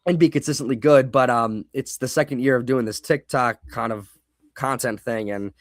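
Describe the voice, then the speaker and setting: A man's voice: mid-range voice, moderate pace, no echo, studio quality. A young man hosting a casual live football reaction stream, rambling and reading chat comments aloud.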